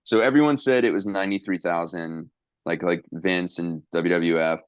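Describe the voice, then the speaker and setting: A man's voice: low-pitched, moderate pace, clean tone, no echo, lo-fi sound. A man co-hosting a podcast in casual chat, rambling with lots of fillers and playful asides. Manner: rambling, filler-heavy, jokey impressions. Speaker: podcast co-host.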